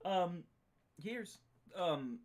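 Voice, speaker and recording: A man's voice: high-pitched, expressive, drawn-out words, a crowd in the background. Emphatic male storyteller on a book podcast. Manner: emphatic storyteller, swears freely. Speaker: book club podcast co-host. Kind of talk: casual chat, retelling a story.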